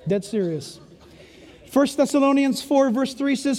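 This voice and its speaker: An older man preaching a sermon in a punchy, folksy way that swings between loud emphasis and hushed asides. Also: very high-pitched, normal speed. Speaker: pastor. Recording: echoey hall reverb.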